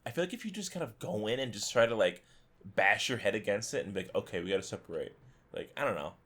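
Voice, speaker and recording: A man co-hosting a casual gaming podcast, talking excitedly and laughing often, on a headset mic. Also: on the low side, fast. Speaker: podcast co-host.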